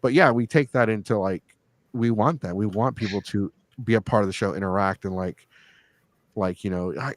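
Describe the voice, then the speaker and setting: A man hosting a podcast, telling stories in a crude, joking, animated way and laughing often. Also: fairly low pitch, normal speed, no echo. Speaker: podcast host. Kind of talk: casual storytelling chat.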